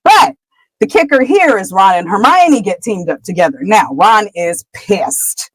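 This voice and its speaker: A woman's voice: mid-range voice, lively intonation, measured pace, dry recording, low-quality recording. A woman co-hosting a podcast, chattily retelling a chapter, laughing often and trailing off with "whatever.". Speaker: podcast co-host. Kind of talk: casual chapter recap.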